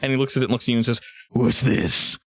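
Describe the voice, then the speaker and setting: A man's voice: medium pitch, level tone, racing, no room sound. A man narrating as game master in a rambling, laughing way with many restarts.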